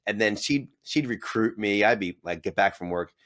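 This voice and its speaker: Low-voiced guy telling his story all animated, does the voices, laughs a bunch. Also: moderate pace. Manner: animated, acts out quoted voices, laughs often. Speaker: business owner guest. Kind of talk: casual storytelling interview.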